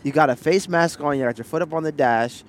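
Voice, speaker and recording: In a parked car, a podcast co-host with a slightly high voice chats fast and casually, teasing his partner and acting out what people said. A little hiss or hum runs through the recording.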